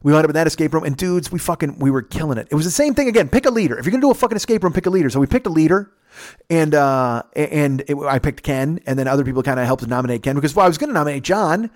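A man's voice: fairly high pitch, animated, rapid-fire, no echo, clean studio sound. A man hosting a podcast, telling a story in a casual, rambling, profane way. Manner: profane, rambling, laid-back. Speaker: podcast host.

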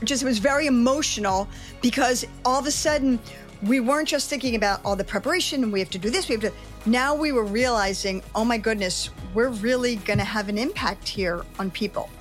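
A woman's voice: on the high side, brisk, faint music behind. A middle-aged woman, a veteran sports reporter, telling candid stories from her career in an interview. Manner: candid, animated storytelling. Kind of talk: interview storytelling.

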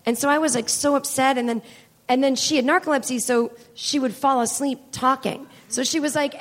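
A middle-aged woman with a high voice tells stories on a comedy stage. She rambles through asides and swears freely as she talks. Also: fairly even intonation, fairly quick. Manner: chatty, profane, rambling asides. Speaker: stand-up comedian and podcast host. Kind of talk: live comedy storytelling. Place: stage in a small comedy venue.

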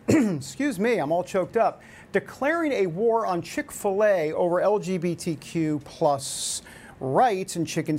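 Animated, exasperated male talk host. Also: sits high. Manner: animated, exasperated, with many fillers and restarts. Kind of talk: opinionated news commentary.

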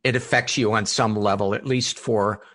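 A middle-aged man hosting a podcast interview, talking in a thoughtful, halting way with many restarts. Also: lowish voice, fairly even intonation, fairly bright tone, no room sound. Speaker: podcast host. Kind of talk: conversational interview.

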